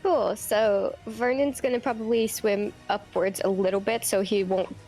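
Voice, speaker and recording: A woman playing a tabletop game, talking in a deliberate way. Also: medium pitch, steady tone, a little mellow, faint music behind. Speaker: player. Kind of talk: casual tabletop game play.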